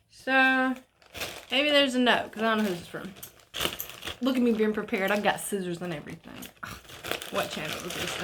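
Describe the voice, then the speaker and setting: Young woman, home vlogger, gushing and excitable, swears freely, high voice, faint room hiss. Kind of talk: casual unboxing vlog.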